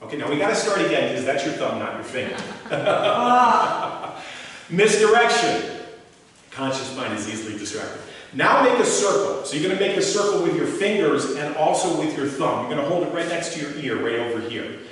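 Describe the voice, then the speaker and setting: A man's voice: on the high side, moderate pace. A man in his sixties giving a motivational talk to a live audience, telling stories animatedly and quizzing the crowd. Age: 60s. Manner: animated storyteller, asks audience questions. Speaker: motivational speaker. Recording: echoey hall, voice from far off.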